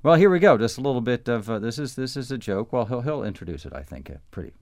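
A man's voice: mid-range voice, expressive, fast talker, a little mellow, no room sound. A man hosting a radio talk show, chatting casually and rambling with many fillers. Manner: rambling, with frequent fillers and restarts. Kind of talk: casual on-air interview.

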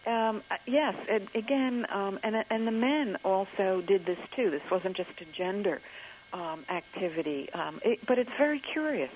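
A woman author in a radio interview, recounting history in a thoughtful storytelling way with frequent pauses and fillers. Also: medium pitch, expressive, a little mellow, a little hiss or hum, low-quality recording.

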